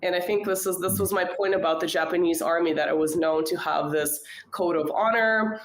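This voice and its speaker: A woman's voice: lowish voice, brisk, reverberant, a little hiss or hum, low-quality recording. A woman guest on a podcast, talking through a story in a thoughtful, hedging way with many fillers. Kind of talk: casual conversation.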